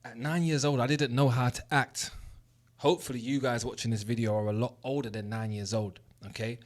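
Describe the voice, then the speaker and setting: A young man with a London accent tells a personal story straight to his listeners. His voice sits in an ordinary middle pitch, and he talks in a candid, earnest way, swearing freely as he drives his point home. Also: fairly even intonation, a little fast. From South West London. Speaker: host. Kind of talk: motivational storytelling monologue.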